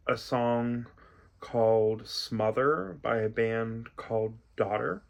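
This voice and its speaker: A young man hosting a music reaction video, talking in a soft, reflective way and rambling with many fillers. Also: medium pitch, steady tone, takes it slowly, creaky, highs cut off. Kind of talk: casual reaction commentary.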